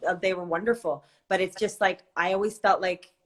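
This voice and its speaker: A woman guest on a live stream over her phone, chatting in a wry, joking way and telling lively stories. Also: on the low side, a little fast. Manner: wry, joking, animated storyteller. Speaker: actress and guest. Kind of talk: casual chat.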